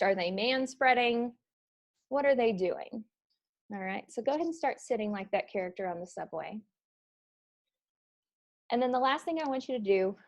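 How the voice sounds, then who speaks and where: A woman teaching an online improv class in a casual way, with plenty of fillers. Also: on the high side. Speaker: improv instructor. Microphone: video call.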